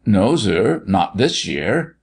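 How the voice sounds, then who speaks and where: A shy, timid young country girl from a storybook, put on by a male narrator, answering in soft, hesitant dialect. The pitch is lifted well above the reader's own, still carrying his gravelly, husky texture. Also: very animated, slow, full character voice.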